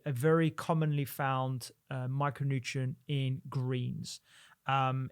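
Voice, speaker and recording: A man, a doctor hosting his show, talks through nutrition research in a measured way, often restarting and repeating words. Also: medium pitch, creaky, clean tone. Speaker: doctor and podcast host. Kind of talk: solo explainer reviewing research.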